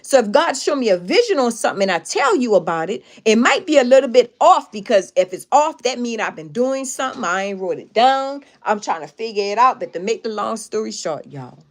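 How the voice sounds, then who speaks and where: A woman chatting on a live stream, recounting a personal story with emphatic repetition. She is animated and direct with her viewers, and her voice sits at an ordinary middle pitch for a woman. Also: fairly quick.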